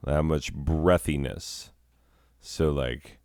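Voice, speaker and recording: Dude hosting with a super deep voice, dry close mic, wry and mocking himself. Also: male voice, fairly even intonation, slow pace, a little mellow, clean tone, no echo. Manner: sardonic, self-deprecating, chuckling. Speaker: host, drama teacher. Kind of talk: comedic hosting with asides.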